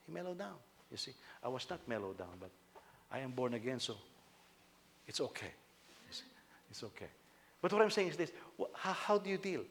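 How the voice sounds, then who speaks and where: A male senior pastor preaching a sermon, telling stories with sudden loud bursts of emphasis. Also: medium pitch.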